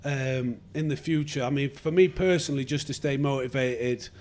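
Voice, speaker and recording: A man's voice: medium pitch, moderate pace, a little mellow. A man as a podcast guest, speaking earnestly with hesitant restarts and frequent laughs. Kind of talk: casual podcast chat.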